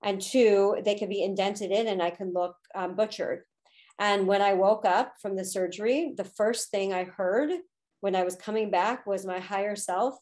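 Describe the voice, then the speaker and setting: Woman in her 30s on a podcast, open and emotional, lots of ums and you knows, mid pitch. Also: darkish tone. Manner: candid and emotional, with frequent fillers. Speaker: podcast guest, spiritual teacher. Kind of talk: personal story in a podcast interview.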